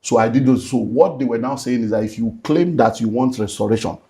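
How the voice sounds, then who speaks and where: A man's voice: mid-range voice, brisk, dark tone. Nigerian man, middle-aged, pastor guest, earnest testimony with Pidgin asides. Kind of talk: emotional personal testimony.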